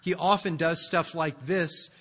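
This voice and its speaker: A man preaches in a conversational, explaining manner, his voice sitting high with a bright, forward tone. Long reverb from a large church sanctuary hangs after each phrase. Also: steady tone, a little slow. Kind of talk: expository sermon.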